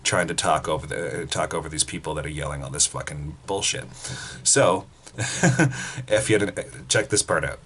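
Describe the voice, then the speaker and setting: A man rants bluntly in a low, deep voice, cursing freely as he comments for his channel. A faint hiss sits under his voice. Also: a little fast, a bit bright. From Canada. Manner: blunt, swearing freely, ranting. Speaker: political commentary vlogger. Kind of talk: casual profane commentary.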